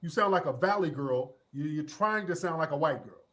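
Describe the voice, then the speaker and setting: A man with a high voice speaks bluntly on a live-streamed panel. He lectures with profanity in a casual, talkative way. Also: expressive, a little fast, a bit bright.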